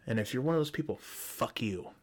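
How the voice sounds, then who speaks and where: A man's voice: mid-range voice, expressive, a little fast, slightly rough. Profane, ranting man. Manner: frequent restarts and stumbles. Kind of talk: solo opinion rant.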